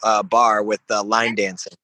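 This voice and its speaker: A man's voice: lowish voice, flat delivery, normal speed, sharp tone, no room sound. Swearing young man telling a story. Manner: rambling, laughing, swears freely. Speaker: podcast guest, veteran. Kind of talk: casual storytelling.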